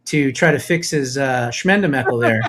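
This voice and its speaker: A man's voice: medium pitch, normal speed, fairly bright tone, slight background noise. A man from New Jersey hosting a talk radio show, rambling with sarcastic, mocking jokes. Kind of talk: casual political talk radio banter.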